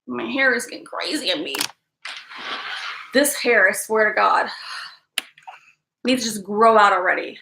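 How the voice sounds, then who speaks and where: A woman's voice: mid-range voice, measured pace, creaky, pauses often, sharp tone, reverberant. A woman hosting a casual live stream from an upstairs room at home, chatty and apologetic, often calling her viewers "guys".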